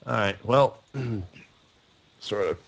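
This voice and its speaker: A man playing in a tabletop game, chatting casually and often pausing to think. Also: on the low side, creaky, a bit bright, poor audio. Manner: hesitant, halting speech. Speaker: player.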